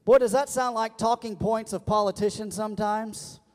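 Male pastor, high voice, emphatic sermon delivery, church hall echo. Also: steady tone, moderate pace. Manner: preaching with call-and-response, rising to loud emphatic peaks. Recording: long church reverb.

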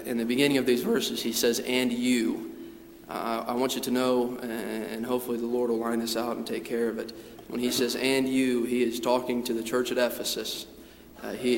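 Fervent preacher man in a reverberant hall. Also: medium pitch. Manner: builds from calm reading to fervent, loud preaching; repeats words and restarts phrases. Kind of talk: sermon.

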